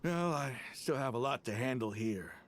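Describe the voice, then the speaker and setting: A man voicing a calm, sensible young ranger in a game, speaking in a relaxed and reasonable way. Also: mid-range voice, moderate pace, close to an everyday voice. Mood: easygoing.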